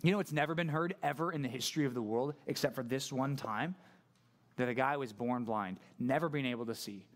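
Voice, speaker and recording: A male pastor preaching a sermon in a casual, conversational, animated way. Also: medium pitch, fairly quick.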